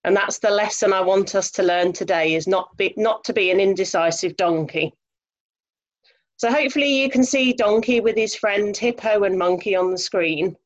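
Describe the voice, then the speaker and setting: A woman reading a children's story aloud over a video call, lively, expressive and chatty. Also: medium pitch, normal speed, dull audio.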